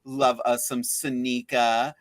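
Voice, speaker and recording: A man's voice: medium pitch, level tone, slow pace, a loud crowd. A man in drag hosting a live stream, bubbly and chatty as he reads viewer comments. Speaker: drag queen host reading comments. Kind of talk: casual live-stream chat.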